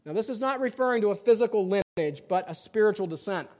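A man's voice: sits high, lively intonation, fast talker, a little mellow. A man preaching a sermon from the pulpit in a church, reading scripture aloud and making emphatic points with plain examples. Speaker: pastor.

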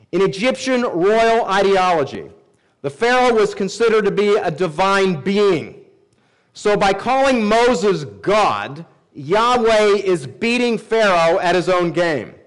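A middle-aged male pastor teaching verse by verse in a measured, explanatory way, slowing down to quote scripture. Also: high-pitched, low-quality recording. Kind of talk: sermon, verse-by-verse Bible teaching.

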